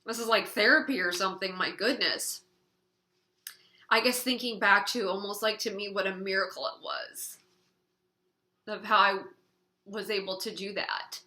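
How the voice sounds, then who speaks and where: A woman's voice: medium pitch, fairly even intonation, normal speed, long pauses, bright, forceful tone. A young woman vlogger telling a personal story to camera, acting out her family's lines along the way. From California. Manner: acts out quoted family members while retelling. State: tearful at times.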